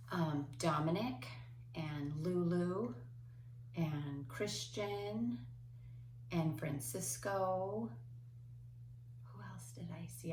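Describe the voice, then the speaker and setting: A woman teaching kindergarten remotely from home, speaking slowly and patiently in simple words for young children. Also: lowish voice, creaky, roomy sound, a little hiss or hum. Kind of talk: remote class lesson.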